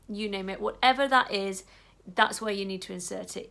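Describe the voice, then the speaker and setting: Gentle woman guiding tapping. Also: medium pitch, fairly even intonation, normal speed, gravelly. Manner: casual and chatty, affirmations spoken softly, trailing to a whisper. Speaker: EFT tapping guide. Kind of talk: guided tapping instruction.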